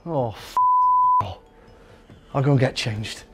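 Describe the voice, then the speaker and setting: A man imitating a quiet, polite man who apologises through pain. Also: mid-range voice, takes it slowly, music in the background, pitched below the performer's own voice, lightly acted. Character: mild-mannered British man, polite and pained.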